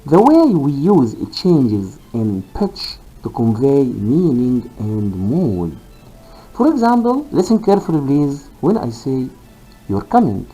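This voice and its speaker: Slow, lively-pitched male teacher. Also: slightly rough, soft background music, poor audio. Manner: deliberate, repeats key phrases, fillers. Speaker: linguistics teacher. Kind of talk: recorded lecture.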